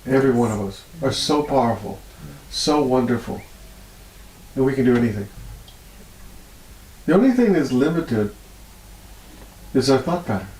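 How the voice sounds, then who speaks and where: A man being interviewed as a healer speaks at normal speed but pauses often as he spins emotional stories, laughing frequently. His voice rises high when he's moved, and the rough recording has an echoey room sound.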